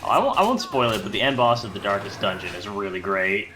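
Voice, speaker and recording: A man's voice: lowish voice, sing-song, fast, noisy background. A man in a casual game chat, rambling with many fillers. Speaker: podcast co-host. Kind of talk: casual chat over gameplay.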